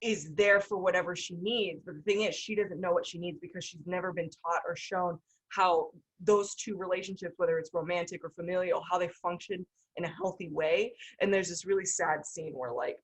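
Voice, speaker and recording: A woman co-hosting a podcast, talking through a film in a casual, animated way with lots of fillers. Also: lowish voice, normal speed, hardly any pauses, slightly rough. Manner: animated, talks through ideas with many fillers. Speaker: podcast co-host.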